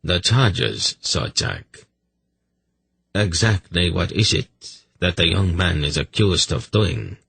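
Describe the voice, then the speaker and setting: A sinister, hollow-voiced old high priest speaks slowly and without feeling, put on by a male narrator. His voice sits low and gravelly, with a husky edge. He sounds dry and close. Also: sing-song, fairly bright tone, no echo, heavily acted. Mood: cold commanding. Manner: cold, non-committal, slow and commanding.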